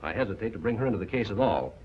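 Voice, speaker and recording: An actor in a 1940s film playing an earnest male doctor, explaining a case in a measured way, on a dull lo-fi old film soundtrack. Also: on the low side, big pitch swings, slight background noise.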